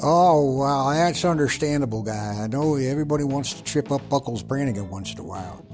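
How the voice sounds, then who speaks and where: A man's voice: medium pitch, expressive, a little fast, a little mellow, faint music behind, lightly acted. A man putting on a rambling Old West showman. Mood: boisterous. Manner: rambling, self-promoting, talks about himself in the third person.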